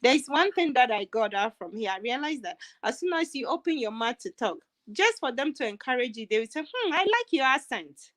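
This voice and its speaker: A woman, a substitute teacher and guest, telling animated stories in a casual chat. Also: a little high, a little fast, hardly any pauses, no echo. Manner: animated storyteller, laughs often.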